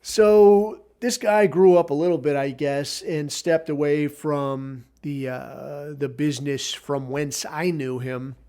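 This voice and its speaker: A man's voice: fairly high pitch, fairly even intonation, slow pace, few pauses, dark tone, clear, resonant tone. A man hosting a podcast, telling a rambling story in a casual, profane, sardonic way. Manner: rambling, heavy swearing, sardonic. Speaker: podcast host.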